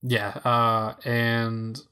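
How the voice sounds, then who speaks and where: A man's voice: mid-range voice, monotone, very slow, pushed and bright, smooth. A man co-hosting a gaming podcast, chatting casually and rambling with lots of fillers. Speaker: podcast co-host. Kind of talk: casual chat.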